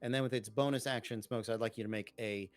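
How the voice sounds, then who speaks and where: Low-voiced man running a tabletop game. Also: steady tone, quick pace, dry recording, soft background music. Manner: matter-of-fact rulings, vivid descriptive narration. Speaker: game master.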